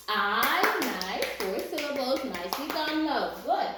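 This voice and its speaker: A woman's voice: high voice, lively intonation, measured pace. A woman teaching a lesson to young schoolchildren, speaking in a sing-song, encouraging way and often checking in with "right?". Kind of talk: classroom teaching to young children. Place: classroom. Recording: very echoey room with faint noise.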